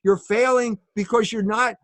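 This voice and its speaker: A man with a high-pitched voice lectures with force, throwing out rhetorical questions and pressing his point with a repeated "okay?". The sound is dry and close, with no room echo. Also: fairly even intonation, moderate pace, a bit bright. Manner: emphatic, asks rhetorical questions, says "okay?" often. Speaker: guest author. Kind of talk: lecturing interview answer.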